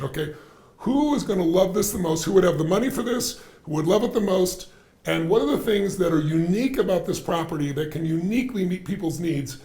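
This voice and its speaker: A man as a podcast guest, telling stories in an animated, emphatic way and repeating phrases for effect. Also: high voice, quick pace, gravelly. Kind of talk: animated storytelling in conversation. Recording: roomy echo.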